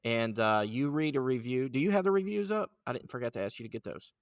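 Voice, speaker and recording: A man's voice: mid-range voice, lively intonation, fast, clear, resonant tone, dry recording. Male podcast host, playful, easygoing, reads reviews aloud in a dry, close room. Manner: laughing, playful. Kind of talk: casual chat, reading reviews aloud.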